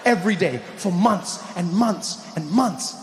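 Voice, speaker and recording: A male stand-up comedian spins an animated story and keeps breaking into high, shouted character bits. His voice sits high for a man. The big live room rings with a long tail and faint ambience behind him. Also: measured pace, in a large hall, background noise. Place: live comedy stage before an audience.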